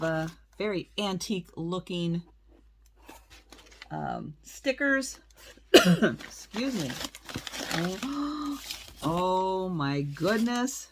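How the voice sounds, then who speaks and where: A woman's voice: on the low side, slight background noise. A woman chatting casually while she unboxes a parcel on her vlog, exclaiming and gasping over each item. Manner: slow, exclaiming, lots of oohs and gasps. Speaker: reseller vlogger.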